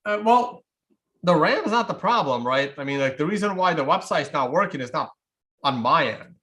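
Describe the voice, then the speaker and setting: A man's voice: fairly high pitch, animated, moderate pace, a bit bright. A man from Russia hosting a livestream, answering viewer questions in a wry, offhand way and thinking aloud. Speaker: livestream host.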